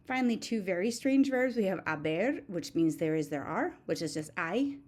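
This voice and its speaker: A woman with a lowish, mellow voice works through a recorded grammar lesson. She is steady and methodical, reciting verb forms one at a time like a patient teacher. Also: moderate pace. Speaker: Spanish teacher.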